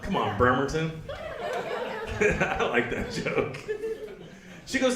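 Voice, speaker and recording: This man's voice sits on the high side, and his delivery is measured, with frequent pauses, in an echoey room. Performing crude stand-up at a brewery for a live crowd, he animates his stories by playing both parts of each conversation.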